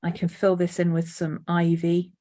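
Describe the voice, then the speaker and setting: A woman artist thinking aloud as she sketches, unhurried, now and then cooing to her dog. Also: on the low side, completely flat delivery, warm tone. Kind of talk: casual art vlog narration. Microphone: desk mic.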